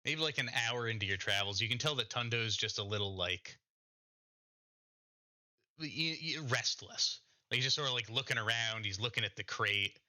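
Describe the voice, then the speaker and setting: A man's voice: fairly low pitch, moderate pace, pushed and bright, rough recording. A man narrating as game master, loose and rambling with lots of fillers.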